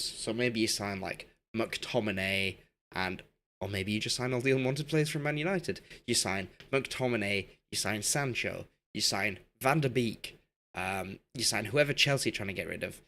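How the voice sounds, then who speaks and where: A man's voice: lowish voice, fairly bright tone. A man streaming a game, rambling in casual commentary and talking to the players on screen as he goes, while losing his voice.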